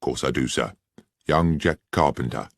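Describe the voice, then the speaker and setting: A man's voice: very deep voice, moderate pace, creaky, no room sound, studio quality, full character voice. A male narrator voicing a plain-spoken country railwayman who answers in a deferential, matter-of-fact way.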